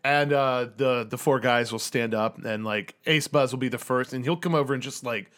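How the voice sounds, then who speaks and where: A man narrating as game master of a tabletop game, lively and often laughing. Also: mid-range voice, normal speed. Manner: lively, laughs often, slips into character voices.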